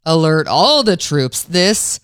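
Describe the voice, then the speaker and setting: Female radio host, animated, chatty, mom-next-door energy, dry booth sound. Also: a little slow, no room sound. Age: mother of an eleven-year-old. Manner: animated, self-mocking, sweeps pitch widely. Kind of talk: casual personal radio talk.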